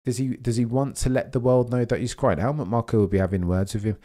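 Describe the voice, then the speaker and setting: A young man hosting a live race watchalong, talking excitably and rambling while he reads out viewers' chat comments. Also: medium pitch, quick pace. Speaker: live stream host.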